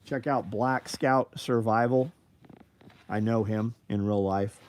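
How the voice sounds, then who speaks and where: A man's voice: on the low side, fairly even intonation, slow, a little mellow, a little hiss or hum. A middle-aged man hosting a live stream, chatting loosely, reading viewer comments aloud and swearing freely. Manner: loose, profane, reads chat aloud. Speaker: livestream host. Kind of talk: casual livestream chat.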